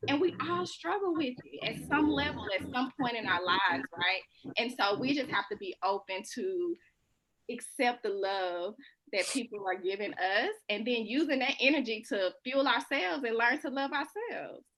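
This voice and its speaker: A woman's voice: fairly high pitch, lively intonation, moderate pace, fairly bright tone, low-quality recording. A woman host of a group video chat, speaking emphatically about openness and self-love. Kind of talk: casual chat.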